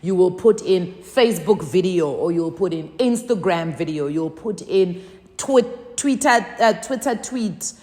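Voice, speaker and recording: A South African woman talking to camera as a content creator, telling stories with lively swings and acting out both sides of phone calls. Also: on the low side, unhurried, in a large hall. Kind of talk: casual vlog talk.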